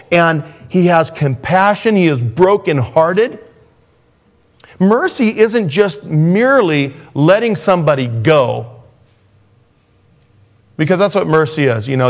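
A man preaching a sermon as a pastor, swinging from raised, intense passages down to hushed, soft ones. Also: on the high side.

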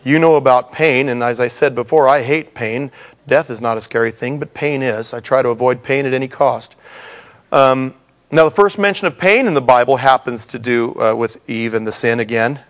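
A man's voice: medium pitch, normal speed. A middle-aged man preaching a sermon in a conversational way, with humorous asides to the congregation. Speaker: pastor.

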